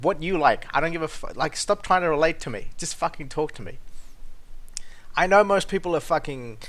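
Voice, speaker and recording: A man hosting a show, ranting bluntly and with plenty of swearing, swinging between loud outbursts and low muttering. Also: lively intonation, fairly quick. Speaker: podcast host. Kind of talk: casual ranting monologue.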